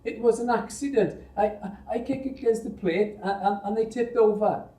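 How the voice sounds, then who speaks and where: A man's voice: sits high, normal speed, warm tone, voice pushed up, close to an everyday voice. A man voicing a stammering frightened apprentice boy. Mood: frightened pleading. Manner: stammering, pleading. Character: timid young male apprentice boy. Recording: roomy echo.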